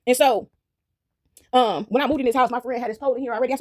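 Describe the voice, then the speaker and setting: Quick, high-ish woman vlogger, loose rambling monologue over kitchen work. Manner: rambling, repeats "right?" often. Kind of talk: casual talk while baking.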